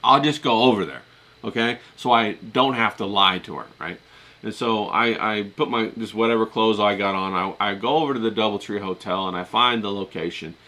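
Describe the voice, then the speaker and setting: Chatty middle-aged male vlogger with a lowish, punchy voice. He rambles through a story with plenty of filler words. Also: moderate pace, pushed and bright. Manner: chatty, with many fillers and restarts. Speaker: vlogger talking to his live chat.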